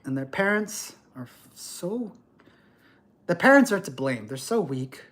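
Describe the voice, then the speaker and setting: A middle-aged man rants on a livestream, lecturing and cursing as he goes. His voice swings widely up and down, with a lively, animated delivery. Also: sits high, measured pace, noisy background. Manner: ranting, profane, lecturing. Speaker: livestream host. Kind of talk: livestream rant.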